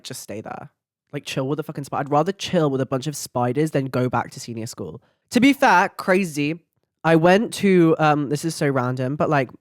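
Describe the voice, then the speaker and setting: A woman's voice: low-pitched, no echo, studio quality. A young woman hosting a podcast, talking in a blunt, chatty way with lots of filler words and swearing. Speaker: podcast host. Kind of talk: casual chat to camera.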